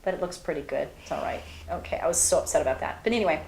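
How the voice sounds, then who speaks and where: A woman's voice: deep voice, rapid-fire, a little mellow. A middle-aged woman hosting a casual chat, reminiscing about her daughter in a chatty storytelling way. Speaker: host. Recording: echoey room.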